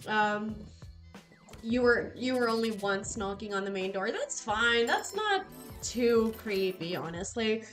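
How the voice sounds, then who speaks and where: A woman's voice: a little high, measured pace, soft background music. Chatty young woman telling stories on stream. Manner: animated storyteller, swears casually. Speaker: casino streamer. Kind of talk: casual chat with live viewers.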